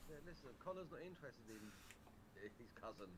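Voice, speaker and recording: A man co-hosting a casual boxing podcast, blunt and animated, who swears freely. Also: mid-range voice, normal speed, husky. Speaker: podcast co-host.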